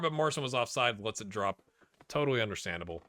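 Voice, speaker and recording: A man's voice: medium pitch, fast talker, no echo, studio quality. A man giving let's-play commentary on a football management game, talking straight to the players on screen and getting worked up. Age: middle-aged. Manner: excitable, talks to players on screen. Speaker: gaming YouTuber.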